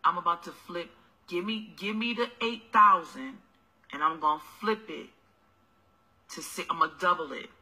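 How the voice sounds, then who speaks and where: A woman's voice: moderate pace, bright, forceful tone, rough recording. Woman doing a wheedling deadbeat boyfriend. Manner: low, coaxing, wheedling. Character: smooth-talking deadbeat boyfriend begging for tax money.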